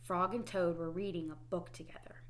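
A woman reading children's stories aloud in a slow, expressive, clearly paced way. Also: lowish voice. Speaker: storybook reader. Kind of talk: children's story read-aloud.

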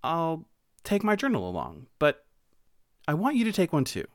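Reader voicing a shy young boy mouse, gentle, earnest, lively storybook voice. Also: mid-range voice, moderate pace, no echo, clean studio sound.

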